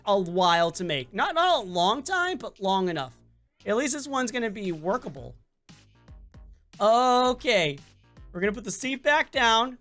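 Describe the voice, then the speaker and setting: A woman hosting a casual game playthrough, reacting with excitable, dramatic exclamations and groans. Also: fairly high pitch. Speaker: gaming channel host. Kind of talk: casual let's-play commentary.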